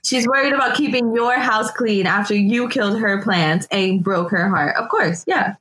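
A woman co-hosting a casual podcast, retelling scenes with animated, profane indignation. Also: medium pitch, moderate pace, a crowd in the background, low-quality recording. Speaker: podcast co-host. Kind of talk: casual recap chat.

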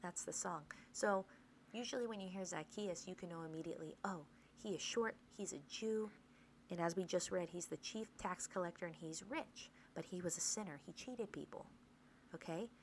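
In a somewhat low voice, a woman leads a Bible study on a podcast, teaching earnestly at a fairly quick pace. She poses rhetorical questions and checks in with listeners, often tagging lines with "right?" The recording is rough, with a faint noise underneath.

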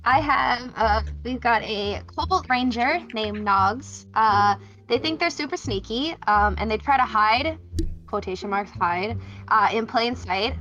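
A woman with a slightly high voice describes her characters in casual chat. She hesitates often, filling gaps with "uh" and "um". The sound is dull and lo-fi. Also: a little slow, a bit bright, soft background music. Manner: hesitant, lots of uh and um. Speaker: player.

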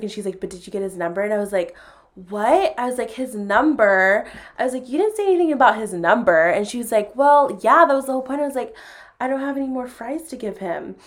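A young woman hosting a podcast, telling a story in a casual, animated way and acting out each line of dialogue between bursts of laughter. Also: mid-range voice.

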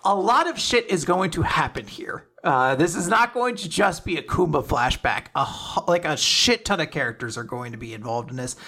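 An animated man hosts a casual podcast recap, swearing freely and laughing often. His voice is bright and sharp, pitched a little high. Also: normal speed, hardly any pauses. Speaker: podcast host. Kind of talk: casual chat recapping manga chapters.

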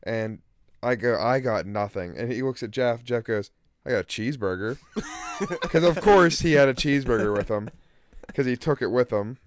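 A man's voice: medium pitch, moderate pace, a little hiss or hum. A man casually telling anecdotes among friends on a podcast, acting out the voices of the people he quotes. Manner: animated storyteller, acts out quoted voices. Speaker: podcast co-host. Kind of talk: casual storytelling chat.

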